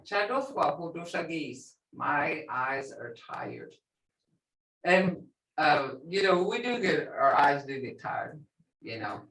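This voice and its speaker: An older woman teaches a language class in a relaxed, chatty way, repeating each phrase slowly. Her voice swings lively up and down as she explains. She is recorded from across an echoey room. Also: low-pitched. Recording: echoey room, mic set far off.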